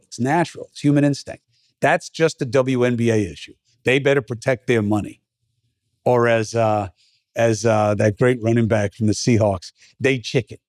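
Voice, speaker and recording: A man's voice: medium pitch, a little mellow, dry recording, studio quality. A middle-aged man hosting his own podcast, giving a blunt, emphatic opinion monologue in a conversational way and swearing now and then. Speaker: podcast host.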